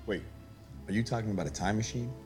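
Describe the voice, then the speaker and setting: An actor playing an earnest, steady man who questions seriously, in a film clip. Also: on the low side, fast talker, close to an everyday voice. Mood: puzzled. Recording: film clip over music score.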